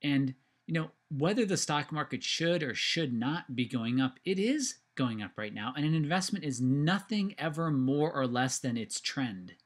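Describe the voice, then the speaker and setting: A man's voice: mid-range voice, expressive, moderate pace. A man telling a personal story in a casual monologue, earnest and rambling, with many fillers and restarts.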